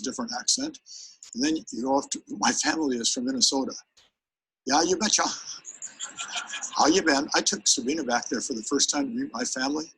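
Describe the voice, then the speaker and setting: A man leading a live training seminar, his voice gravelly and rough at the edges. He talks with plenty of energy and turns often to the crowd. His delivery is lively and direct, like a coach running a workshop. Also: mid-range voice, low-quality recording. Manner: energetic, demonstrative, speaks straight to the audience. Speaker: sales presentation trainer.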